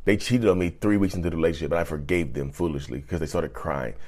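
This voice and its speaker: A man's voice: very deep voice, quick pace, a little mellow. A man vlogger giving blunt relationship advice straight to camera, emphatic and repeating his points. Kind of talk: casual advice talk to camera.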